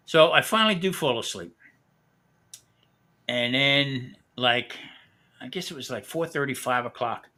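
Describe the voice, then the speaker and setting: Bright-voiced man telling a profane story. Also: mid-range voice, takes it slowly, pauses often. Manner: profane, laughing, animated anecdote-teller. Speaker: host. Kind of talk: casual storytelling on a live stream.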